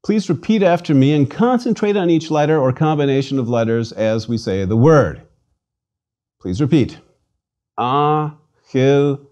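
A man's voice: mid-range voice, expressive, moderate pace, warm tone. A man giving a scripted pronunciation lesson, patient and repeating words for the listener to drill. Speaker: language lecturer. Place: studio.

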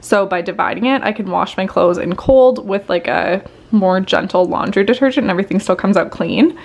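A woman talks through her cleaning routine in a casual, chatty vlog style, stacking up fillers as she explains each step. Her mid-pitched voice carries a gravelly, creaky texture, and she sounds slightly out of breath from working while she talks. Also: fairly quick, darkish tone. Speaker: home cleaning vlogger.

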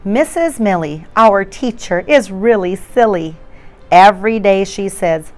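A woman reading a children's bedtime story aloud in a gentle, unhurried way. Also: medium pitch, soft background music.

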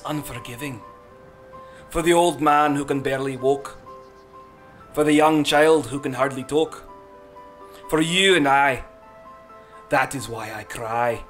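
A man's voice: on the high side, fairly bright tone. A man voicing a melancholy male jester in a put-on Scottish accent, reciting in rhyme. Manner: rhyming, mournful recitation.

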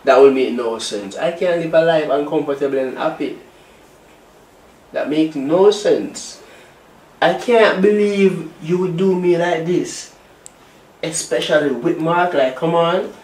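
An actor with a Jamaican accent playing a hurt, accusing husband, pleading and repeating himself. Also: male voice, fairly high pitch, a little slow, a little mellow, lightly acted. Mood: angry. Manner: pleading, repetitive, rising questions. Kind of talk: low-budget film acting. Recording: echoey room, faint hiss.

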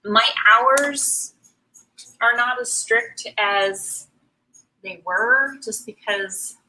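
A middle-aged woman hosts a live painting stream, chatting casually as she paints and answering viewer comments in a rambling way with many ums and restarts. Her voice is a little high, bright, and forceful, she speaks very slowly, and the recording quality is low.

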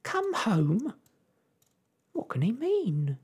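A man voicing an anxious, fretful little borrower mother in a soft-spoken ASMR storybook reading, whimpering and wailing. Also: fairly high pitch, moderate pace, husky, voice pushed up. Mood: fretful, dismayed.

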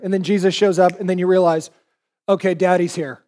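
High-voiced pastor preaching a sermon. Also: male voice, a little fast. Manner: animated storytelling, acts out quoted voices.

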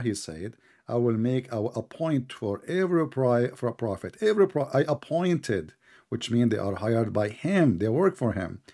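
A man with an Arabic accent leads a heated online debate in a gravelly, husky voice. He speaks slowly and deliberately, mocking his opponent and cutting in often. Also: mid-range voice, a little mellow. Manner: mocking, interrupting, slow deliberate speech. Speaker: debate host.

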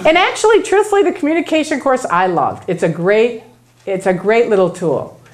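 A woman's voice: on the high side, normal speed. A woman giving a public talk, telling stories and acting out the voices of the people in them. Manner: animated, acts out voices of others. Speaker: guest speaker.

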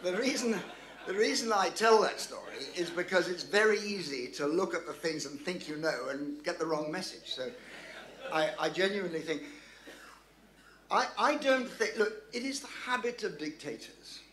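In a club function room with a roomy hall echo, a male guest speaker with a high-pitched, fairly bright voice answers audience questions during a public lecture Q&A. Animated and at normal speed, he is thoughtful and anecdotal, often restarting his sentences.

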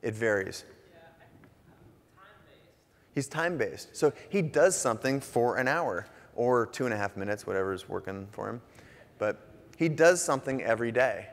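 Casual, animated male conference speaker. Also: medium pitch, brisk, vocal fry. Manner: casual, animated, jokey, swears now and then. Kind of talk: conference talk. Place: large conference hall on stage. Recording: long hall reverb.

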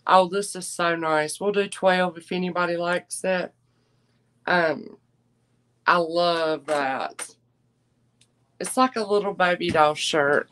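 A middle-aged woman, chatting folksily with viewers as she hosts a live clothing and jewelry sale. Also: fairly low pitch. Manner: chatty, folksy, calls viewers y'all and darling.

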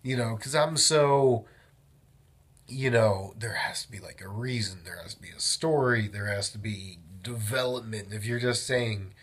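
A young man talking casually in his daily vlog, rambling and animated as he tells a story and often interrupts himself. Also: fairly low pitch, a little slow, slightly rough. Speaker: vlogger.

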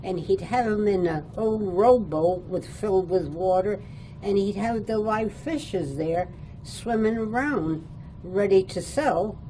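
A woman's voice: medium pitch, slow pace, warm tone, a little hiss or hum, poor audio. An older woman, born in Italy and raised in New York State, tells childhood stories in an oral history interview and chuckles as she remembers. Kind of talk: reminiscing storytelling. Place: adult care home.

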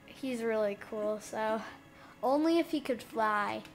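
A woman giving casual gameplay commentary, giggling, getting excited and talking to the characters on screen. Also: a little high, slow pace, faint music behind. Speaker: let's play gamer.

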